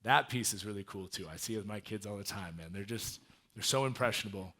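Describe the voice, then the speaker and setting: A man in his thirties giving a casual, animated storytelling talk as a guest speaker. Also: lowish voice, fast. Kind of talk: storytelling talk to a live audience.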